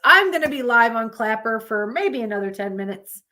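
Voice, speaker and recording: A woman's voice: on the high side, lively intonation, moderate pace, bright, forceful tone. Congested woman rambling candidly on stream. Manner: candid, rambling, swears freely. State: congested with a constant cold. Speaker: live-stream podcast host. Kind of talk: casual live-stream chat.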